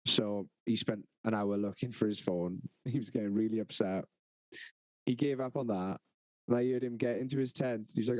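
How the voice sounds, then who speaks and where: A man's voice: medium pitch, moderate pace, darkish tone, no room sound, rough recording. A man co-hosting a podcast, telling a festival story in casual, sweary, laughing banter. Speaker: podcast co-host.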